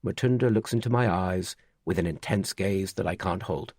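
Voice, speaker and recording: A man reading a first-person thriller audiobook in an even, measured way. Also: sits low, breathy edge, no room sound, clean studio sound. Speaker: audiobook narrator.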